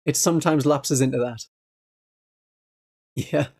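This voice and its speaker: Northeast English streamer, gentle and easygoing, laughs a lot, casual livestream chat, mid-pitched. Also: takes it slowly, creaky. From northeast England.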